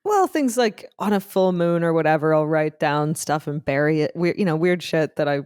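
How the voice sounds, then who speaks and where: Co-host, smooth clear voice, dry close sound, playful chat. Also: medium pitch, lively intonation, moderate pace, a little mellow, no echo. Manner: playful, laughs often. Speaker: podcast co-host. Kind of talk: casual chat.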